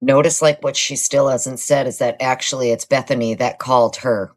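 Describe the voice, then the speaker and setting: Woman host, very deep voice, casual live-stream commentary, blunt and salty, lots of "um" and "like.". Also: steady tone, moderate pace. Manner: blunt, casual swearing, frequent fillers.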